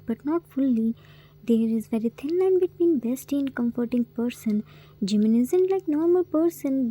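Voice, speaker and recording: A woman voicing a gentle, wise female figure who reassures calmly, in a story reading. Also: rough recording. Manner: calm, reassuring, low-key.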